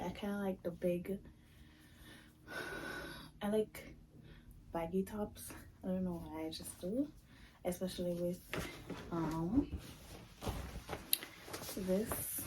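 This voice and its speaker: A young woman chatting casually in a vlog, her voice raspy and groggy from just waking up, rambling with fillers. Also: lowish voice, takes it slowly, pauses often. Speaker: vlogger. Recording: distant mic with noisy background.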